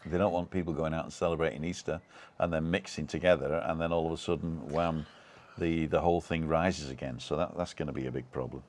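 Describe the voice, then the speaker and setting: A man's voice: very deep voice, fairly even intonation, fairly quick, darkish tone. A British man hosting a live stream, chatting casually and reading out viewer comments in a rambling way with many fillers. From United Kingdom.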